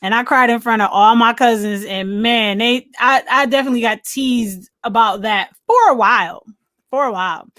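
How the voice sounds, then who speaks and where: A woman co-hosting a casual movie podcast, chiming in with relaxed, agreeable back-and-forth replies. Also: on the high side, normal speed, dry recording, clean studio sound. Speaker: podcast co-host. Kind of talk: casual chat.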